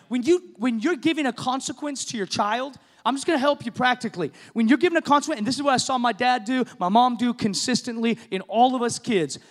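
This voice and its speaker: Middle-aged male preacher, very high voice, impassioned sermon delivery, recorded in a big reverberant church hall. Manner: impassioned preaching, rising to shouts. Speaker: pastor. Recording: long reverb of a large hall.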